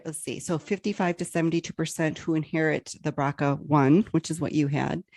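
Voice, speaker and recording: A woman's voice: deep voice, a little mellow, dry recording, clean studio sound. A woman podcast host interviewing a guest, reading figures aloud hesitantly with many fillers.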